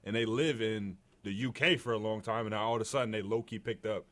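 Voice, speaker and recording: Young male podcast co-host, deep voice, laid-back chat. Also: fast. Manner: relaxed, conversational, many fillers. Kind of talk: casual chat.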